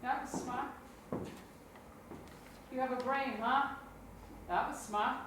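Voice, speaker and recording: A woman playing a stern, quiet bar-owning mother. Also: sits high, fairly even intonation, slow, noisy background. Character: stern, tired middle-aged woman who owns a bar. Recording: echoey room, mic at a distance.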